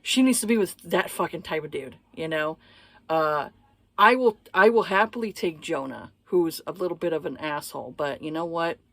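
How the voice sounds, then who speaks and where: A woman's voice: low voice, animated, normal speed, a bit bright, no room sound. A woman giving a casual book review, blunt and profane, exasperated, with lots of hesitant fillers.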